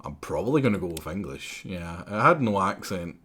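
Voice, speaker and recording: Low-voiced man thinking aloud over a game. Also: brisk, breathy edge. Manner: muttering to himself, thinking aloud, bursts of excitement. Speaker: streamer. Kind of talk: live gameplay commentary.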